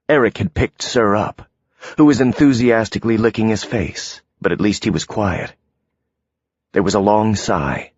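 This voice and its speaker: A man narrating an audiobook in a measured, deliberate way. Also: on the low side, a little mellow, slightly rough, no room sound. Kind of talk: scripted narration. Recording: dull, dry, lo-fi audio.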